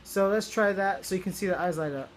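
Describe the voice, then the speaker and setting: A man's voice: high-pitched, fast talker, slight background noise. A young man chatting casually through a toy review, rambling with lots of ums and restarts.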